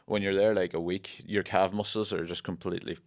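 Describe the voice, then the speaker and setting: A man chats as a guest, laid back and swearing now and then. His voice sits on the low side, and his words come quickly. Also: fairly even intonation. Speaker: comedian guest. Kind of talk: casual chat.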